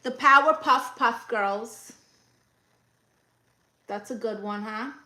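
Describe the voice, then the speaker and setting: Bright-voiced woman with a New York accent. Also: fairly high pitch, takes it slowly, slight background noise, low-quality recording. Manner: dry, deadpan quips. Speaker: livestream host playing an aunt. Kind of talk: comedic livestream chat reading comments.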